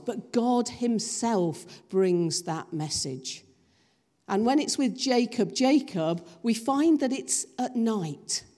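A woman preaching a sermon, slow and emphatic, drawing the congregation in with questions. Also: mid-range voice, a little mellow. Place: church hall. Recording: long reverb of a church hall.

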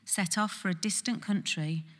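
A woman reading a Bible passage aloud in a church, steady and measured. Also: medium pitch. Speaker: scripture reader. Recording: church hall with long reverb.

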